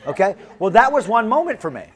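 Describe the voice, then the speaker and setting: A man's voice: high-pitched, fast talker. A man from the United States, a pastor preaching a funny story sermon and repeating phrases for effect. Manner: animated, comic, repeats phrases.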